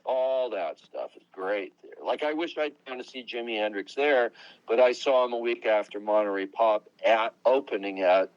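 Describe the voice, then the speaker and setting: A man's voice: mid-range voice, moderate pace, no room sound. A man in his seventies, a musician being interviewed, telling rambling anecdotes in a casual chat. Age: 70s. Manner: rambling, anecdotal, name-dropping. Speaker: guest musician. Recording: dull lo-fi dry sound.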